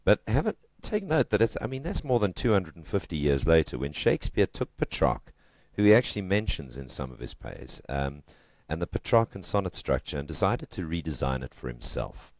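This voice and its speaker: A man's voice: low-pitched, very animated, fairly quick, hardly any pauses, no room sound, studio quality. A man teaching literature in a casual video lesson, chatty and joking, leaning hard on stressed words.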